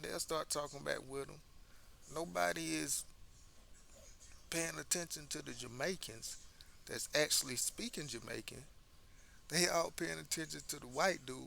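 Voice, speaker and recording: An American man hosts a casual commentary monologue, pressing his points emphatically and stumbling over repeated words. His voice has a gravelly, creaky edge and a bright, forward tone. A faint hiss of background noise sits under the recording. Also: on the high side, normal speed, long pauses. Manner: conversational, emphatic, repeats words when restarting. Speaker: commentary host.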